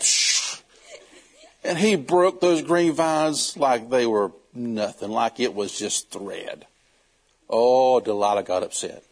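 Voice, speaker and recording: A man preaching, telling a Bible story in a folksy, animated way and acting out the characters. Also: medium pitch, measured pace. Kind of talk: storytelling sermon.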